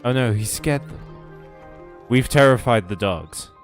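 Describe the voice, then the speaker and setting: A man's voice: mid-range voice, animated, unhurried, faint music behind. Wisecracking man narrating gameplay. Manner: riffing, sarcastic asides. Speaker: let's play host. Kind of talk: joking gameplay commentary.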